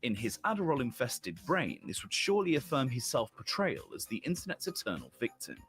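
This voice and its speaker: Male narrator, scripted and sardonic, lively pitch swings, ornate phrasing. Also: fairly quick, faint music behind. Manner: sardonic, elaborate wording. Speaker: documentary narrator.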